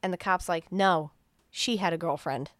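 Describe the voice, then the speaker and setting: Co-hosting a podcast, a woman recaps a movie plot in casual chat, animatedly acting out the characters' lines with plenty of swearing and frequent laughs. Her voice is fairly low and moves at normal speed, in an echo-free, studio-quality recording.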